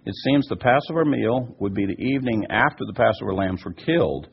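Gravelly, husky man teaching scripture. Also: fairly low pitch, expressive, brisk. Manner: emphatic, repeats "by the way". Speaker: Bible teacher answering listener questions. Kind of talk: teaching talk. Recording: muffled lo-fi recording.

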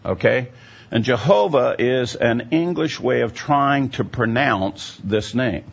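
A man's voice: medium pitch, slow pace, vocal fry, husky. A man giving a teaching sermon, explaining at length and often checking in with his listeners. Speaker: Bible teacher. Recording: dull lo-fi recording.

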